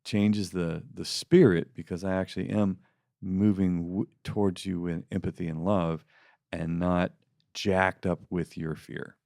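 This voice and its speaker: Advice podcast co-host, male, low and gravelly, empathetic, casual talk. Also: flat delivery, a little slow, darkish tone, dry recording, clean studio sound. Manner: empathetic, acts out what he would say.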